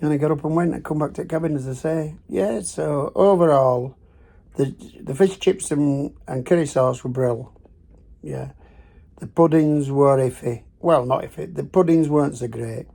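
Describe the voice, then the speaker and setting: A man's voice: on the high side, normal speed, creaky, mellow. An older man with a Northern English accent, chatting casually in his travel vlog from a cruise ship cabin, rambling with plenty of fillers and restarts. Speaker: travel vlogger.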